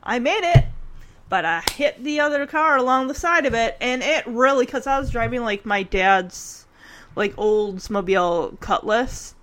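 Woman host, high voice, chatty reaction commentary, lively retelling full of fillers. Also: unhurried. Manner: animated storytelling, acting out the characters in quotes; chatty, with many fillers and restarts. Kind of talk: casual commentary on a TV episode.

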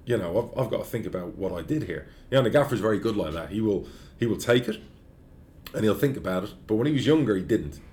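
A low-voiced man rattles through his stories fast in an interview. He is blunt, swears freely, and tells each story with energy. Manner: blunt, profane, animated storyteller. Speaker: football club chairman.

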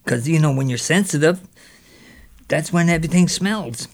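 Brief: a man playing a mischievous boy spinning a yarn, slightly high voice. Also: moderate pace. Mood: boastful. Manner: lively yarn-spinning with local dialect. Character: mischievous boy telling a raiding tale. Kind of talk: character storytelling.

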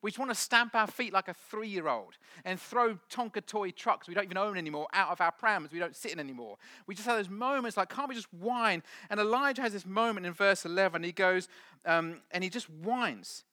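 A man preaching a sermon to a congregation, with dramatic swings from loud to hushed. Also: high-pitched, a little fast. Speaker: pastor. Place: church hall with audience.

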